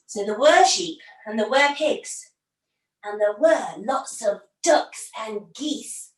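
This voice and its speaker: A woman leading a storytelling yoga class for young children, playful and encouraging, giving gentle instructions. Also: on the high side, lively intonation, slow, distant mic. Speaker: kids yoga teacher. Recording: roomy echo, from off the mic.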